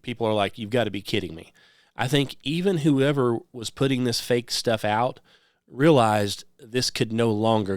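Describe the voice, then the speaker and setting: A man's voice: mid-range voice, clean tone, no echo. Rambling male radio host, dry sound. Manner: conversational, repeats "okay?" and "um" often. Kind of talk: rambling monologue.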